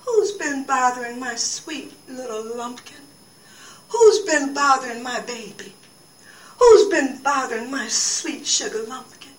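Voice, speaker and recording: A woman's voice: high voice, sharp tone, heavily acted. A woman reading a novel aloud and singing the lines of a grieving older woman at a funeral, in a mournful lullaby. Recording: echoey room, far from the mic.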